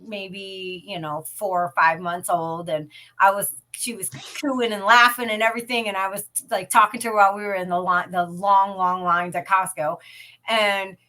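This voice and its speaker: Woman, 50s, podcast host type, sharp bright tone, talkative and meandering. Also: mid-range voice, fairly even intonation, normal speed. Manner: chatty and rambling with many restarts. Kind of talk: casual chat.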